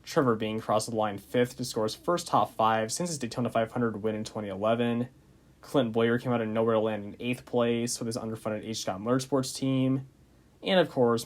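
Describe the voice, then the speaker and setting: A young man narrating a racing recap video in a casual way, often saying "uh". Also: mid-range voice. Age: young adult. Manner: casual, with frequent "uh" fillers. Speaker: YouTube racing channel host. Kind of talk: scripted narration.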